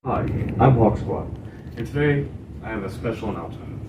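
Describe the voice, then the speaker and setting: A man hosting a mock advertisement in a salesy, pitching manner. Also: animated, fairly quick, muffled recording, music in the background. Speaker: channel host. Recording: roomy, distant, noisy.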